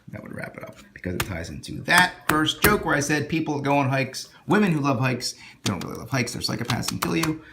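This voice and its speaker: A man's voice: mid-range voice, background noise. A man talking casually into his phone as a vlogger and stand-up comic, rambling and self-deprecating with many restarts. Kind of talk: casual vlog talk.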